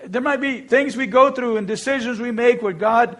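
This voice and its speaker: High-voiced man preaching a sermon. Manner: storytelling, expressive with slow emphatic phrases. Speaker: pastor.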